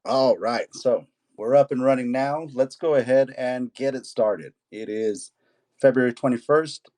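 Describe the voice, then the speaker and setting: A male martial arts coach hosts a casual podcast in a relaxed, easygoing way. His voice is mellow and dark, and he often restarts his sentences as he talks. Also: mid-range voice, a little slow. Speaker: jiu jitsu coach and podcast host.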